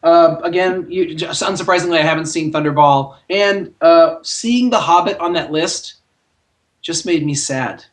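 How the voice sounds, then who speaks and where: A man co-hosting a podcast in casual movie chat, talking in an animated way with wry, joking asides. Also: a little high, normal speed. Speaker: podcast co-host.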